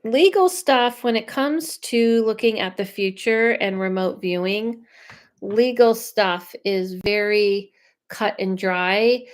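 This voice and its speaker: A woman of middle pitch hosts a live psychic reading stream. She chats loosely, trails off and restarts her sentences as she works through viewers' questions. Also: takes it slowly. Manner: chatty, self-interrupting, thinks aloud; reads viewer questions aloud. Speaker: psychic medium.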